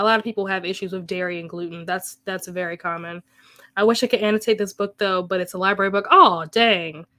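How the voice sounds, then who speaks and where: A woman's voice: mid-range voice, a bit bright. Chatty, laughing woman streamer. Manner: chatty, laughs often, self-deprecating. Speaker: booktube host reading chat comments. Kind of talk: casual live-stream chat.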